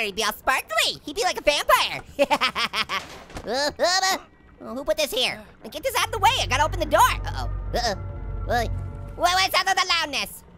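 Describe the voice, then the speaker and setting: A woman doing a squeaky giggly cartoon orange. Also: pushed and bright. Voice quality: squeaky, bouncy, silly. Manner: rambling, joking, giggling at own gags. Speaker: gameplay commentator. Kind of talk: let's play commentary.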